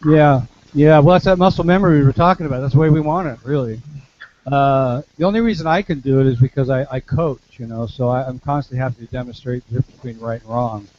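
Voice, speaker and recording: A man's voice: medium pitch, quick pace, no room sound, dull audio. A man working as a vocal coach, explaining technique and demonstrating with short sung lines, repeating words as he goes. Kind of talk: teaching demonstration.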